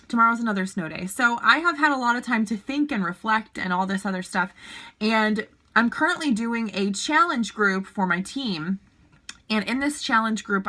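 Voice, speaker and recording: Bright, bubbly chatty woman. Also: mid-range voice. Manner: bubbly, chatty, keeps checking in with the viewer. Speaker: network marketing team leader. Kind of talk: casual vlog advice. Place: child's bedroom at home.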